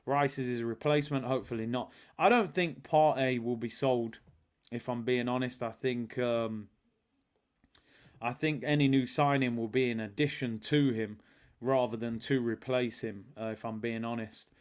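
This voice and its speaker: A man's voice: mid-range voice, moderate pace, smooth. A man hosting a live football watch-along stream, chatting casually, reading viewer messages aloud and calling the match action. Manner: chatty, reads out viewer super chats, excited match calls.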